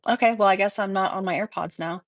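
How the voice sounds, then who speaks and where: A woman's voice: mid-range voice, fast talker, no echo, studio quality. Chatty woman on a casual livestream. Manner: chatty, rambling, laughs often. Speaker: streamer. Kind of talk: casual live-stream chat.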